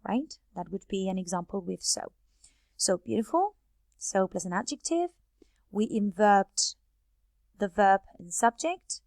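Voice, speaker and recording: Female teacher, native Spanish speaker, mid pitch, explanatory lesson delivery, dry close recording. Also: big pitch swings, a little slow, long pauses, a little mellow, no echo. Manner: explanatory, reads example sentences aloud from a board. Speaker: English teacher. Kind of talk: grammar lesson.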